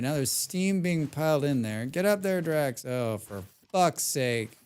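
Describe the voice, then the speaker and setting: A man thinks aloud while streaming a building game from home. He mutters, hums little tunes and swears casually, in a voice of everyday middle pitch. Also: a little mellow. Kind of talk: casual live-stream commentary.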